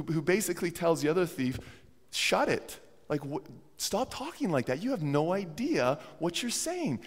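Male pastor, sermon, has a cold, gravelly voice, earnest, repeats words, long church reverb. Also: mid-range voice. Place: church sanctuary.

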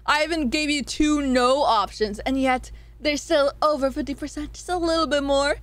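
At a moderate pace, a woman on a livestream reads the poll results aloud in easygoing chat. Excitable and prone to giggles, she swears freely, her voice veering between shrill squeals and low grumbles.

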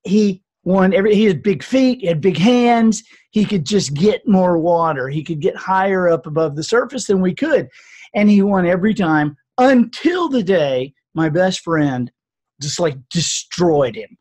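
A man's voice: high-pitched, lively intonation, measured pace, a little mellow. A man in his sixties, an author and speaker, telling an earnest, reflective story in a podcast interview.

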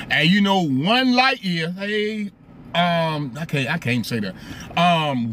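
A man's voice: a little high, big pitch swings, moderate pace, a bit bright, a little hiss or hum. A man hosting a live stream, talking casually, greeting viewers by name and asking them rhetorical questions.

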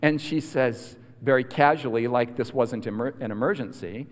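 A man preaching a storytelling sermon, animated and swinging from loud to hushed. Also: mid-range voice, moderate pace. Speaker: guest preacher. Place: large hall at a school prayer week. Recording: long hall reverb.

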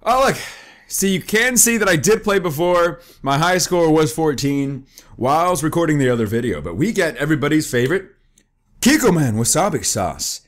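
With a voice on the high side at a moderate pace, the young gaming YouTuber eats wasabi while cracking jokes about the game. He groans and yelps excitably, eyes watering, voice strained, over a little hiss or hum.

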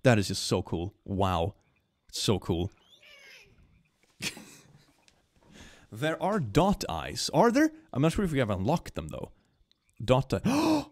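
A man streaming a game, commenting casually and excitably, swinging between gushing and mumbling with frequent laughs. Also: mid-range voice, takes it slowly, long pauses, no echo.

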